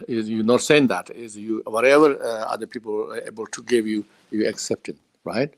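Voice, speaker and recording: Halting Buddhist teacher, man. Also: fairly low pitch, fairly even intonation. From Himalayan region. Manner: halting non-native English, many hesitations and restarts; chuckles between points. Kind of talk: dharma talk.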